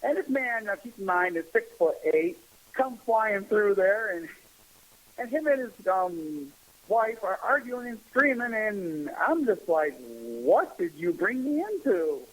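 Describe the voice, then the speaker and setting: Brief: male radio guest, high pitch, animated storyteller who laughs easily. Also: unhurried, poor audio. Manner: animated, laughs while telling stories. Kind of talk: casual storytelling chat.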